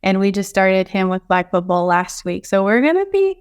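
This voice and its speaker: A woman's voice: medium pitch, sing-song, moderate pace, clear, resonant tone. A woman in her thirties from Texas, a podcast guest chatting in an easygoing way and laughing often. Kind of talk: casual chat.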